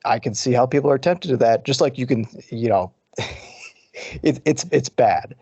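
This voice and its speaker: A man's voice: medium pitch, a little slow, a little mellow, slightly rough, no room sound, muffled recording. A man co-hosting a casual podcast, earnest and conversational, often restarting his sentences. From Detroit area. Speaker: podcast co-host. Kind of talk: casual chat.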